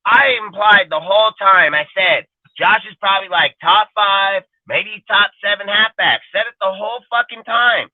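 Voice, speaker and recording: A man's voice: high-pitched, normal speed, dry recording. A man hosting a sports talk show, ranting in a heated, profane, exasperated way. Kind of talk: heated casual sports rant. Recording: tinny phone-like line, dry.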